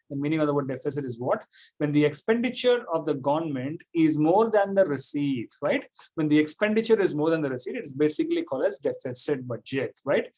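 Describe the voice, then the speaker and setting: A man's voice: on the high side, a little mellow, breathy edge. A man teaching a classroom economics lecture, repeating points and checking often that students follow.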